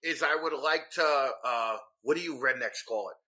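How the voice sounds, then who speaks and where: A man's voice: mid-range voice, moderate pace, sharp tone, low-quality recording. A man with a New York accent, a podcast guest chatting casually, crude and joking, swearing freely. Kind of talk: casual chat.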